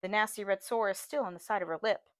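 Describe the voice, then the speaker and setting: A woman's voice: medium pitch, fast, no room sound. Brief: female reader, first-person audiobook, earnest, dry close mic. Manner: steady, earnest storytelling.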